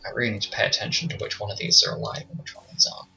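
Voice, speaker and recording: A man acts as game master for a tabletop game on stream, speaking rapid-fire in a fairly low, creaky, sharp voice. He narrates attacks and rolls casually and with swearing, muttering to himself between turns. The streamed audio is slightly dull, with faint music.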